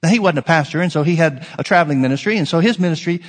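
Male pastor, preaching a sermon, emphatic and dynamic, slightly higher pitch, big reverberant hall. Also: racing. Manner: emphatic preaching, swinging from loud to hushed.

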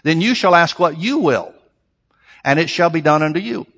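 With a voice sitting a little high for a man, a pastor delivers a sermon in a church sanctuary at a moderate pace, expressive and fairly bright in tone. He sounds earnest and conversational, repeating phrases for emphasis, while long reverb carries each one through the big hall.

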